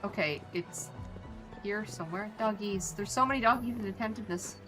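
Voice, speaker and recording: Speaking a little fast over music, this Irish streamer has a medium-pitched voice. She comments casually on her game, cursing without restraint and making fun of herself.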